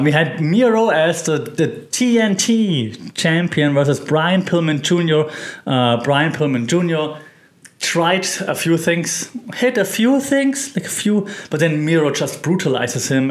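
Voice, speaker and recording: A man hosting a casual recap show, rambling with many fillers and restarts. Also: on the high side. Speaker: host.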